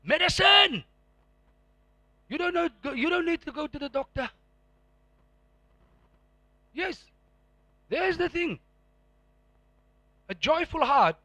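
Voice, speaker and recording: A man preaching a sermon as pastor, animated and firing rhetorical questions at the congregation. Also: very high-pitched, no echo.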